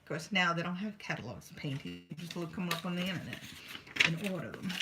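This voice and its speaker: A woman's voice: lowish voice, animated, fast talker, over music. A woman talking casually as she works on art journals at her craft table, rambling and talking to herself as she goes. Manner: rambling, chatty, talks to herself while working. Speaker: craft vlogger.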